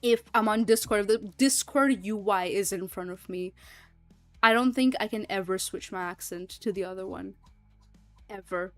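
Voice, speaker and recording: A woman's voice: medium pitch, normal speed, fairly bright tone, no room sound, soft background music. A young woman streaming, chatting casually and rambling with lots of fillers and frequent laughs. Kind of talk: casual livestream chat.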